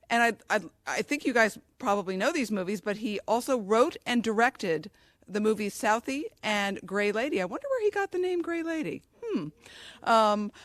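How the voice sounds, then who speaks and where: A woman hosts a storytelling night from the stage in a somewhat high voice. She jokes lightly as she introduces each teller. The sound is dry and close. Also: a bit bright, no room sound. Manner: light, joking. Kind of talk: live event hosting. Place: theater stage.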